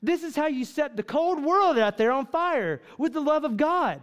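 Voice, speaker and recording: High-voiced fervent male preacher. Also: very animated, moderate pace. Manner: fervent preaching full of rhetorical questions. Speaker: pastor. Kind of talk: sermon. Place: church with congregation.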